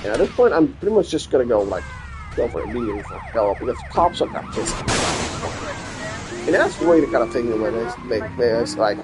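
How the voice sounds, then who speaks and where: Animated, profane man ranting over gameplay. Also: medium pitch. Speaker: let's play gamer. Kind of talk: casual gameplay commentary. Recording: game gunfire and noise behind voice.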